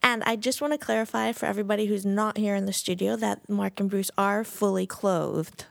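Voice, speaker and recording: Wry, gravelly-voiced female podcast host. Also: medium pitch, fairly even intonation, a little fast, dry recording, clean studio sound. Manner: wry, teasing. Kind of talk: casual podcast chat.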